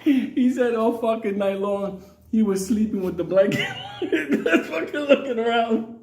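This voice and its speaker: A man's voice: very high voice, a little slow, a little mellow, roomy sound. Laughing, swearing man telling a story. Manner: laughing often, swearing, acting out quotes. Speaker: storyteller host. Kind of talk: casual storytelling.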